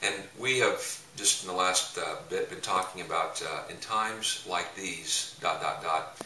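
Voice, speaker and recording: A man's voice: low-pitched, a little slow, sharp tone. A man giving a casual faith-based teaching talk, telling stories in a rambling way with many filler sounds. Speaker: evangelism ministry leader. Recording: roomy echo, mic at a distance, faint noise.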